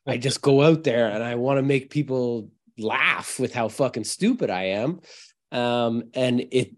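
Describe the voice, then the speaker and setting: A man's voice: medium pitch, measured pace. A man, a band's frontman, chatting casually in an interview, laid-back, self-mocking and swearing freely. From Canada. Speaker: touring band frontman.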